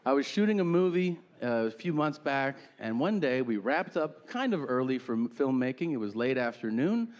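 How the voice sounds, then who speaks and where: A man's voice: mid-range voice, very animated, moderate pace, hardly any pauses, in a large hall. A man doing stand-up comedy, telling profane, exaggerated stories on stage.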